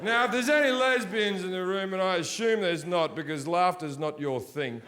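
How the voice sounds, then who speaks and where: Brash, crude stand-up man, high voice. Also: normal speed, over a noisy crowd. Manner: brash, crude, mocking punchlines. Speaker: stand-up comedian. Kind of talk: stand-up comedy set. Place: large theater with audience. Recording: roomy live hall, audience noise.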